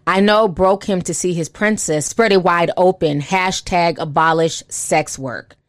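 A woman reading out a smug, cruel man's taunting posts in a slow, cold, mocking tone. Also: lowish voice, dry recording, studio quality, lightly acted.

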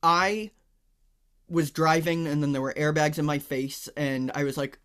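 A man's voice: fairly high pitch, fairly even intonation, measured pace, fairly bright tone, smooth. A young adult man co-hosting a podcast, telling things in a blunt, wry, matter-of-fact way in casual chat. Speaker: podcast co-host.

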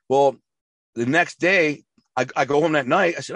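A man's voice: fairly high pitch, animated, moderate pace, fairly bright tone, husky, no room sound. A man being interviewed, telling his life story in a rambling, emphatic way with slang and restarts. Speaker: interview guest.

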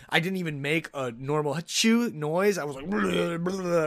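A man hosts his own podcast, his voice a touch higher than most. He rambles through stories in a lively way and keeps cutting into his own sentences. The sound is dry and close on a podcast mic. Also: no room sound. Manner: rambling, animated, self-interrupting. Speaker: podcast host. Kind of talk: casual solo podcast storytelling. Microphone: podcast microphone.

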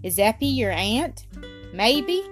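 A wary young Scottish country boy, as a woman narrator puts him on, speaking in local dialect in a storybook reading. He is cautious and sounds a touch higher than the narrator. He talks with quiet worry. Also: sing-song, slow pace, faint music behind. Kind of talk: storybook character voice.

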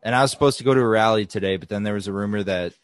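A young man co-hosting a podcast in casual chat, loose, profane and excitable, sweaty in a small hot room. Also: lowish voice, very fast, no echo. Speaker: podcast co-host.

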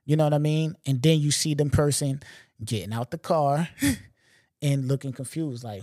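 A man hosting a podcast, telling stories in a casual monologue. His pitch sits in the middle, and he talks in a loose, profane, street-slang way. The sound is dry and close, with no room around it. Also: moderate pace, darkish tone, no room sound. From Long Island, New York. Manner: loose, profane, slangy, lots of "you know what I'm saying". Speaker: podcast host.

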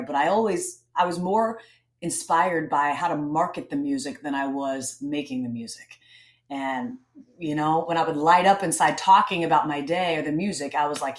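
A woman's voice: low voice, normal speed. A woman speaking as a podcast guest, talking earnestly and reflectively, often restarting her sentences. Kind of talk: casual interview talk. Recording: roomy echo.

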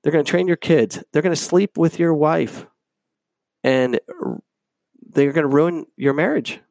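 A man's voice: on the high side, a little slow, creaky, darkish tone, no room sound. A man hosting his own show, delivering an opinionated, emphatic rant full of fillers. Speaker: podcast host. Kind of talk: casual rant.

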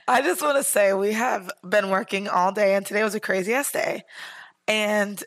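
A woman's voice: mid-range voice, moderate pace, no echo. A woman from Central Florida with its accent, co-hosting a podcast in casual chat and telling stories with lots of laughter and swearing. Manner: animated storyteller, laughs often, swears freely. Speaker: podcast co-host.

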